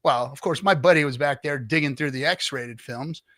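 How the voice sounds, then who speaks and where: A bright, forward-sounding man with a slightly high voice tells a rambling story on a stream. He acts out the other people in it, and he sounds dry and close on his mic. He is middle-aged and talks in a loose, casual way. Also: normal speed, no echo. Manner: animated anecdote-telling, acts out other people's lines. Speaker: livestream guest telling stories.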